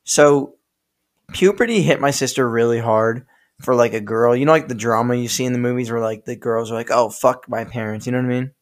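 A man's voice: medium pitch, fairly quick. A young man co-hosting a podcast, telling stories in a loose, rambling way, swearing and laughing often. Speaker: podcast co-host. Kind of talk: casual storytelling chat.

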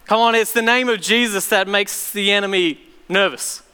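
A man's voice: high-pitched, normal speed, sharp tone, clear, resonant tone, in a large hall. A man preaching a sermon to his church, telling stories animatedly and acting out voices. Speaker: pastor.

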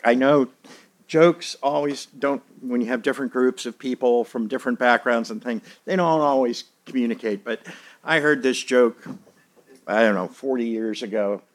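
A man's voice: medium pitch, fairly bright tone. A middle-aged man preaching a sermon in a folksy, conversational way, with an easy joke and many small fillers. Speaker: pastor.

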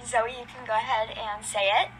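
A young woman hosting a homemade podcast in a playful, giggly chat. Her voice sits high and sounds bright. A faint hiss runs underneath. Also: level tone, brisk, low-quality recording. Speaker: podcast co-host. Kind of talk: casual chat.

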